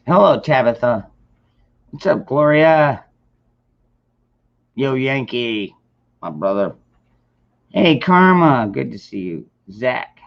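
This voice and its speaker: A man's voice: on the low side, vocal fry. A man hosting a casual late-night livestream, rambling in a laid-back way and greeting chat viewers by name. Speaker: livestream host. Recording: dull lo-fi stream audio.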